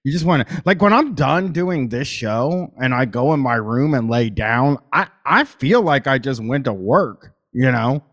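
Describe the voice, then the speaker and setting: A man's voice: mid-range voice, expressive, unhurried, hardly any pauses. A man podcaster talking as a guest in casual chat, rambling, swearing freely and using many fillers.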